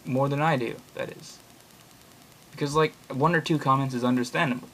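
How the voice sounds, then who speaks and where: A young man reading horror blog posts aloud at a medium pitch, breaking off into rambling, opinionated asides. His talk is loose and casual, with the odd swear thrown in. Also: steady tone, brisk, fairly bright tone, slight background noise. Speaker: reader and commentator of online horror blogs.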